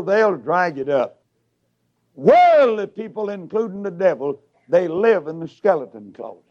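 A male preacher giving a revival sermon, swinging from shouted peaks down to low mutters as he tells stories. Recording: dull lo-fi sound.

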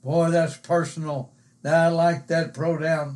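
Slow, emphatic older man preaching. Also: fairly high pitch, level tone, a little mellow. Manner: slow, emphatic, repeats words with many fillers. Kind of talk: sermon.

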